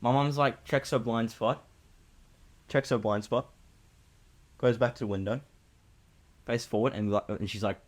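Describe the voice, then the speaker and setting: Animated young Australian man telling a story. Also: medium pitch, measured pace, long pauses. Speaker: podcast co-host. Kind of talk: casual chat.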